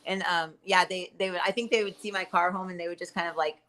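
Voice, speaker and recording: A middle-aged woman co-hosting a casual chat, telling rambling stories with restarts and quick laughs. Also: fairly low pitch, steady tone, fairly bright tone. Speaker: co-host.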